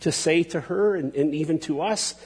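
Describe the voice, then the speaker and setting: A man preaching a sermon as pastor, halting and restarting often, with folksy asides to the congregation. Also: a little high, darkish tone, husky, big-room sound.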